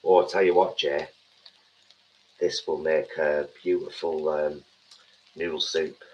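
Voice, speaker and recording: A man's voice: very deep voice, flat delivery, slow pace, darkish tone, lo-fi sound. A man, chatting playfully while cooking in a home kitchen on a live stream. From England. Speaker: cooking show co-host.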